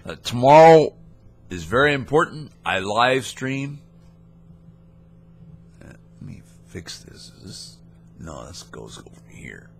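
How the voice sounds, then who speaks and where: A man's voice: medium pitch, sing-song, slow pace, creaky, pauses often, a little hiss or hum. A man hosting a scam-baiting video, playing a mock-naive caller with a rambling, playful manner. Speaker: host of a scam-baiting channel. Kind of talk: prank phone call and casual vlog talk.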